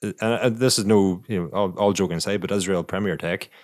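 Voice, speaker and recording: A man with a very low voice talks cycling in an easy, conversational way. He's a former racer who thinks out loud, stumbling over repeated words before landing his point. The sound is close and dry. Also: steady tone, brisk, no echo. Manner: thoughtful, repeats words while thinking aloud. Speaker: podcast co-host, former pro cyclist. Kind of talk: casual cycling chat.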